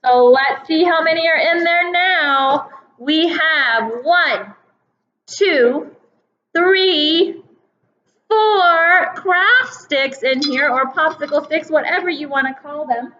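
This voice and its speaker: A young woman teaching a kindergarten calendar lesson, slow, sing-song and encouraging, stretching out her words. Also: high-pitched, pushed and bright, echoey room, dull audio.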